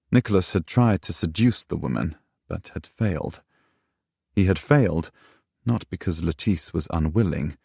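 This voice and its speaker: A man narrating a romance audiobook in a measured, unhurried way. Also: low-pitched, gravelly, darkish tone, husky, no echo, clean studio sound. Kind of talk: scripted narration.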